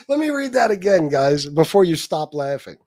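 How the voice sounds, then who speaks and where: A livestream host of Sicilian heritage rants and mocks someone, swearing heavily and laughing often. His voice runs on the high side with a sing-song lilt, a slow pace, and a darkish tone. There's no room sound.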